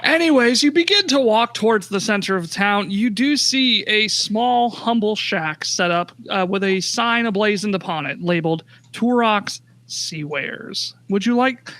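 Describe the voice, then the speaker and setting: A man narrating a tabletop game as its game master, with a high, bright voice. He jokes and swears casually between scene descriptions, keeping things loose and laid-back. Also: expressive, moderate pace, hardly any pauses.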